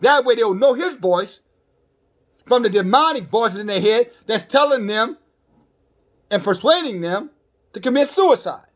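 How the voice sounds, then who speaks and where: A man's voice: very high-pitched, lively intonation, unhurried, pauses often. A man preaching a sermon in a blunt, emphatic, scolding way, often repeating words as he stumbles. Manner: scolding, calls listeners sisters and brothers.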